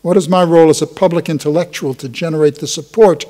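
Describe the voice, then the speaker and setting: A man's voice: fairly high pitch, steady tone, fast talker, warm tone. Impassioned older man lecturing in a hall. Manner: emotional, impassioned storytelling. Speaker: keynote speaker, professor. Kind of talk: conference lecture with personal storytelling. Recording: long hall reverb.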